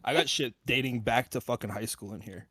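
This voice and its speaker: A man's voice: mid-range voice, a little fast, bright, forceful tone, no echo, studio quality. A man hosting a podcast in casual chat, tipsy, swearing and laughing often. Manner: profane, laughs often, joking. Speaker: podcast host.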